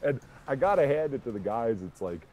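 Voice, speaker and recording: A man streaming a game, chatting casually and telling an animated story, swearing freely. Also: mid-range voice, a little fast. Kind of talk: casual chat while gaming.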